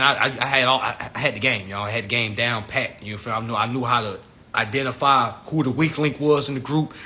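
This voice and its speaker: A man on a casual livestream rant, slangy and animated, swinging from low mutters to shouts and laughing at his own jokes. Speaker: livestream host.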